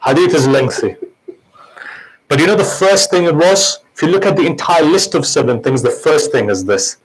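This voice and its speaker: A man's voice: a little high, lively intonation, normal speed, a little hiss or hum, poor audio. Impassioned male preacher. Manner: impassioned, conversational, asks listeners questions. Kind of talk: mourning sermon.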